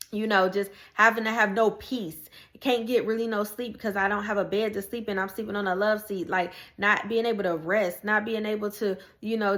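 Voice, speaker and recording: A woman's voice: medium pitch, a bit bright. A woman in casual, conversational storytelling, sharing her personal faith testimony and addressing viewers directly, often repeating and restarting phrases.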